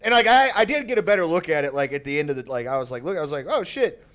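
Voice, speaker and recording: A man's voice: on the high side, big pitch swings, racing, a bit bright. A man telling a long, rambling, profane family story on a podcast, laughing often. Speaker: podcast host. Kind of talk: casual storytelling.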